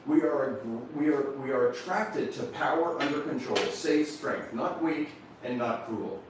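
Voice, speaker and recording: A man's voice: fairly high pitch, slight background noise. Middle-aged man preaching in an echoing hall. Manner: storytelling, slows down to stress key lines, calls out to the audience. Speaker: motivational speaker. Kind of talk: live seminar talk. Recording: very echoey room, voice picked up from a distance, faint background ambience.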